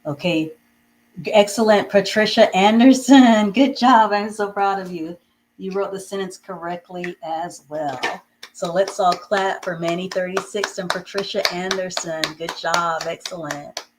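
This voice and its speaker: A woman with a fairly low voice leads a live reading lesson, praising her students warmly and spelling out simple sentences at a slow dictation pace. A faint hiss runs under her voice. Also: steady tone. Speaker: reading teacher.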